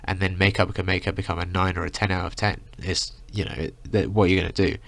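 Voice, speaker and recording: A man's voice: deep voice, level tone, fast, vocal fry, no echo. A young man ranting through a casual storytime, rambling with lots of filler words. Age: young adult. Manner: rambling, full of "like" and "you know". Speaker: vlogger.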